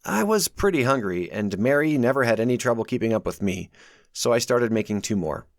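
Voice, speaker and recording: A man's voice: mid-range voice, lively intonation, fairly quick, no room sound, studio quality. A man reading his own novel aloud in first person, telling the story expressively. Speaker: author narrating his audiobook. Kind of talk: first-person audiobook narration.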